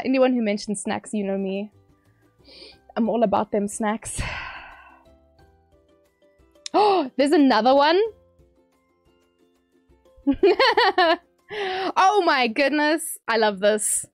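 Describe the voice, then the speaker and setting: A woman streamer reading out viewer messages on a livestream, teary and emotional, bubbly and quick to laugh. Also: on the high side, no room sound, clean studio sound.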